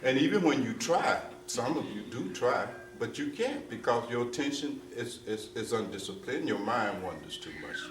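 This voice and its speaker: A medium-pitched man talks expressively at normal speed, barely pausing, with noise in the background. He's a spiritual teacher speaking to an assembled crowd in an emphatic, repetitive way, frequently asking "you see?" and using street slang. The recording comes from a roomy, distant mic with faint ambience.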